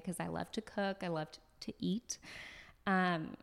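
A woman from Los Angeles chats through her story as a podcast guest, bubbly, with lots of likes and ums. Her voice sits on the lower side with plenty of gravelly vocal fry. She's recorded in an apartment. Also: brisk. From Los Angeles, USA. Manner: chatty and animated, many likes and ums. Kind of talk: casual conversational storytelling. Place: floor of a new apartment.

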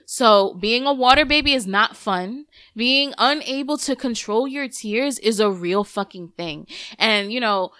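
A woman's voice: on the high side, unhurried, few pauses, clear, resonant tone, dry recording, clean studio sound. A woman in her thirties hosting a podcast, telling a story in casual, candid chat, cursing freely. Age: 30s. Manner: candid, profane, animated storytelling. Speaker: podcast host.

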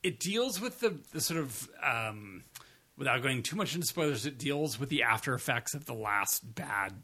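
A man's voice: mid-range voice, lively intonation, moderate pace, pushed and bright, breathy edge. A man co-hosting a podcast, chatting casually in a rambling style and swearing now and then. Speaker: podcast co-host. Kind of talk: casual review chat.

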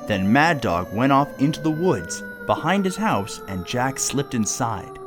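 Slow, expressive male storyteller. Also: medium pitch. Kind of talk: reading a children's story aloud.

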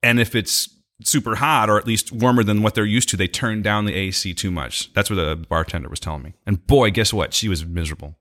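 A man's voice: on the low side, a little fast, hardly any pauses, fairly bright tone. A young man co-hosting a casual podcast, telling a rambling story with laughs and profanity. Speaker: podcast co-host. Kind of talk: casual chat.

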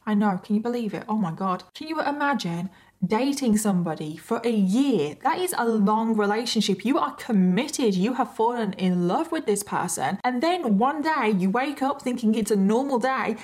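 A woman's voice: fairly high pitch, expressive, normal speed, darkish tone. A woman with a British accent hosting a true crime podcast, telling the story in a chatty, conversational way with asides to the listener.

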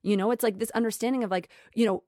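A woman talking in an earnest, emotional way about her spiritual growth. She often repeats phrases and goes soft and slow. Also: a little high, fairly even intonation, no room sound, studio quality. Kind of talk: reflective spiritual monologue.

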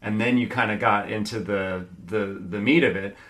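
A man co-hosting a casual podcast, recapping a story with halting, stammered restarts. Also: fairly low pitch, fairly bright tone.

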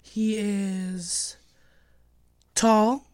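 A woman hosting a podcast in a casual chat, her voice hoarse from laryngitis, joking about herself. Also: mid-range voice, little pitch movement, very slow, darkish tone, no echo, clean studio sound. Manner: self-deprecating, joking. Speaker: podcast host.

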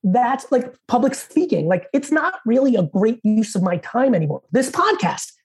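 A man as a podcast guest, telling stories in a fast, profane, high-energy way. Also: lively intonation, slightly rough. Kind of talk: casual interview storytelling.

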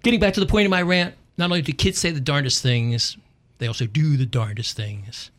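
A middle-aged man and radio host giving a humorous monologue, telling dry, deadpan stories with wry punchlines. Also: mid-range voice, a little fast.

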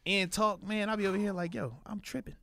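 A man's voice: high-pitched, steady tone, brisk, gravelly, sharp tone, dry recording, clean studio sound. A man co-hosting a sports radio show, talking in laid-back, slangy banter. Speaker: sports radio co-host, former player. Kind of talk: casual sports talk chat.

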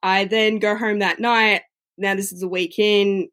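A woman telling a personal story in a casual, chatty way, often filling pauses with "you know". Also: medium pitch, fairly even intonation, a bit bright.

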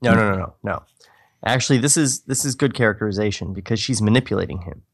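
A man's voice: fairly low pitch, fast, breathy edge. A man reading aloud an old screenplay and joking about it in a wry, profane way. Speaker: co-writer reading his screenplay. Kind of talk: script reading with comic commentary.

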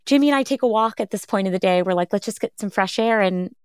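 An earnest woman in her thirties tells her own story in an interview, sitting at an average pitch for a woman. She is reflective and brings the people she talks about to life in quick retellings. Her voice is close and dry, with no room sound. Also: clear, resonant tone, no room sound. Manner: earnest, reflective, quotes others in lively retellings. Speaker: podcast host telling her own story.

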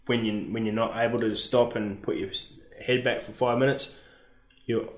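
A man, a truck driver talking in an easygoing, halting, rambling way in casual chat. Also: medium pitch, steady tone. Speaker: mine truck driver, guest. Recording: roomy echo.

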